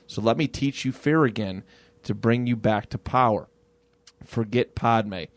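A man putting on a low, menacing voice for a cruel, scheming old male galactic emperor while retelling a comic on a podcast. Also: a little slow, dry recording, natural voice.

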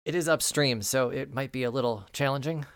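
A man as game master, narrating a tabletop game in a relaxed, descriptive way. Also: medium pitch, fairly quick, clean tone, no room sound, studio quality. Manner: relaxed, descriptive, laid-back.

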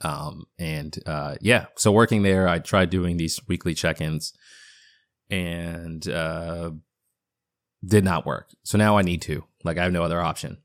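A man in his thirties with a partial Boston accent hosts his own podcast from his home basement. His voice is deep and his pace measured as he rambles through a casual solo update full of fillers and restarts. The sound is clean, studio-quality, with no echo.

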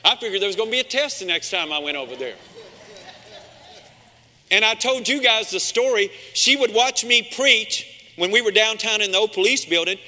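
A man's voice: high-pitched, expressive, moderate pace, pushed and bright. A male pastor preaching a sermon, emphatic, calling out to his congregation in a church sanctuary. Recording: long reverb in a large room.

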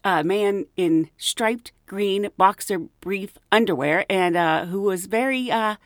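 A woman's voice: mid-range voice, slow, dry recording, studio quality. A woman who works as a flight attendant hosting her podcast, telling a story in a chatty, giggly way with plenty of ums and uhs. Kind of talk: casual storytelling monologue.

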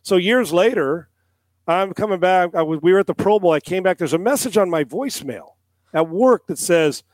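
Ex-quarterback guest, middle-aged man, tells stories with swearing and voiced quotes, high and dry. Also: normal speed, dry recording. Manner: animated storyteller, acts out quotes, swears casually. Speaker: guest, former NFL quarterback and analyst. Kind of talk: casual storytelling on a podcast.

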